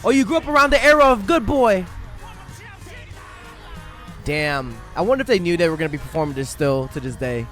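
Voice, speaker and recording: Hyped man reacting, lively voice. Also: high voice, a little fast, long pauses. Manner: hyped, shouting and singing along. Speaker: reaction video host. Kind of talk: excited reaction commentary. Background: faint concert music.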